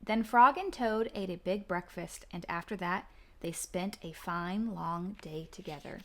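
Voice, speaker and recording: Bright-voiced woman reading a storybook aloud. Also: lowish voice, measured pace. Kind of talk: children's book read-aloud.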